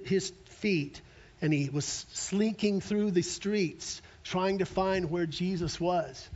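Emphatic high-voiced male preacher. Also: a little mellow, highs cut off. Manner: emphatic, dramatic pauses, drops to near whisper. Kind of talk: sermon.

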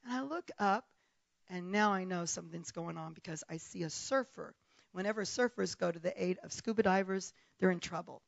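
A woman telling a testimony in a sermon, lively and storytelling, acting out the people she describes. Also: lowish voice, gravelly, dry recording, highs cut off. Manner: animated storytelling, acts out voices. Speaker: preacher.

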